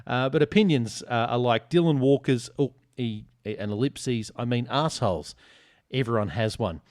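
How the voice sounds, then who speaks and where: An Australian man hosts a podcast in relaxed, teasing banter. He reads listener reviews and ribs his co-hosts. His voice is close and dry, with no room sound. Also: medium pitch, moderate pace, no room sound. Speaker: podcast host.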